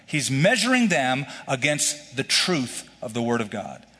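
A man's voice: mid-range voice, very animated, unhurried, a bit bright. A male pastor teaching through a scripture passage in a conversational, explanatory way, with casual asides. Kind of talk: expository sermon. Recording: long reverb of a large hall.

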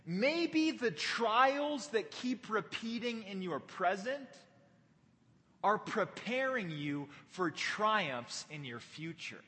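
A man's voice: high-pitched, sing-song, slow pace, pushed and bright, long reverb tail. Playful guy preaching, chatty, voice bounces up and down a lot. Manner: playful and conversational, with casual fillers. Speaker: pastor. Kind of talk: sermon.

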